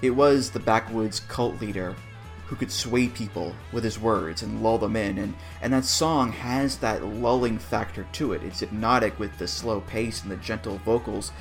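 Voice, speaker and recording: Over soft background music, a podcast co-host with a lowish voice talks at a normal speed. He casually and reassuringly breaks down wrestling theme songs.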